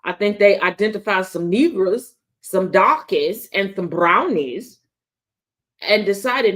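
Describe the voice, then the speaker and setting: A woman's voice: mid-range voice, expressive, takes it slowly, fairly bright tone. A woman hosting a daily news commentary show, talking bluntly and sarcastically with plenty of profanity. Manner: taunting, confrontational. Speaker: host.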